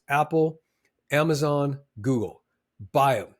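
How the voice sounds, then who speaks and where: A man speaking at an ordinary middle pitch in a loose, conversational talk. He tells his stories with animated emphasis and lots of ums and uhs. His delivery sounds like a motivational talk with an advisor's tone. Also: moderate pace. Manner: animated, emphatic storyteller with many fillers. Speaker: former trader giving advice.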